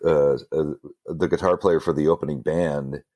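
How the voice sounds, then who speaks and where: Man, extremely deep voice, rambling casual storyteller, dry close sound. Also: fairly even intonation, moderate pace, warm tone, dry recording. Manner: rambling, self-deprecating, many fillers and restarts. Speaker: guest musician, band singer.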